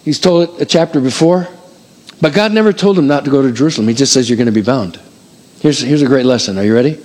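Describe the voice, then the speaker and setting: A middle-aged man preaching a sermon as pastor, calling out to his congregation in an animated way. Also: medium pitch, fast talker. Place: church hall before a congregation.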